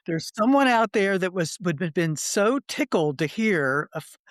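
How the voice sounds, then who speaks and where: Thoughtful host with winding sentences. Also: female voice, lowish voice, animated, normal speed, no echo, clean studio sound. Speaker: podcast host. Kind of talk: reflective interview conversation.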